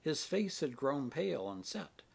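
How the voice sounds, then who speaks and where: A man narrating a novel chapter in a measured storytelling manner. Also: fairly high pitch, big pitch swings, creaky, slightly rough. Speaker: audiobook narrator. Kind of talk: scripted narration.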